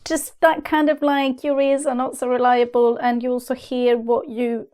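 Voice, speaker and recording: A woman with a Swedish accent, a language teacher chatting as a guest on a podcast and telling stories in a lively way. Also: high-pitched, normal speed. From Sweden. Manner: lively, storytelling, often checks in with "right?" and "yeah?". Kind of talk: casual podcast conversation.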